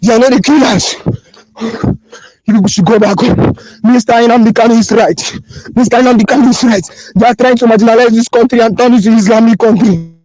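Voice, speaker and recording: A man's voice: very high voice, fairly even intonation, a little fast, darkish tone, no room sound, poor audio. A man with a Nigerian accent recording an impassioned voice note on his phone, pleading and repeating himself with emotion. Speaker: voice-note sender.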